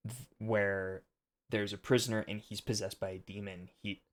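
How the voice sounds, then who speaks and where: A man's voice: fairly low pitch, fairly even intonation, moderate pace, a bit bright. A young man hosting a casual film commentary monologue, earnest and preachy with a rambling delivery.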